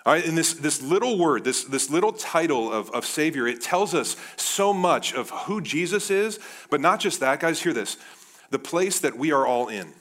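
A man in his thirties preaching a sermon as pastor, animated, often calling his listeners "guys". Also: a little high, normal speed. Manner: animated, addresses the crowd as guys.

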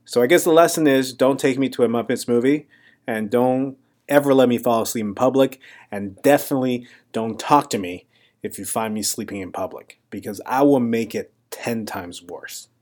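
A young adult man spins a casual story about himself as a comedian hosting his own show. He speaks at an ordinary, mid-range pitch with a dry, self-mocking delivery. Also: normal speed, a little mellow. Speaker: comedian and podcast host.

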